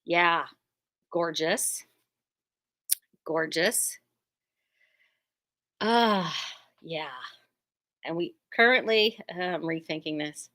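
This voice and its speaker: A woman's voice: on the low side, drawn-out words, pauses often, sharp tone, no echo. A woman who runs a quilt shop, showing off new fabrics in a chatty, rambling, self-deprecating way from inside her shop. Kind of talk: casual product showcase.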